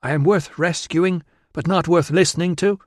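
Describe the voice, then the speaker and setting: A sharp, indignant young tribeswoman, put on by a man reading aloud. The voice sits well above the reader's own and comes out with quick bite. Dry, close audiobook sound. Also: a little high, dry recording, voice pushed up, close to an everyday voice.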